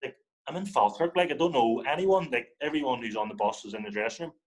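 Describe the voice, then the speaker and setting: A man with a Northern Irish accent, a podcast guest telling animated anecdotes and acting out the people in them. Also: medium pitch, fast, low-quality recording. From Northern Ireland. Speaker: podcast guest, former footballer. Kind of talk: casual storytelling.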